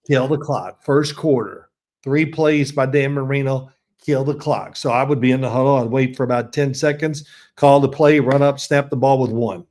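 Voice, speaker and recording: An older man, a guest on an interview show, telling animated stories and laughing as he goes. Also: medium pitch, moderate pace. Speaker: guest, former quarterback. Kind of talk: storytelling in an interview.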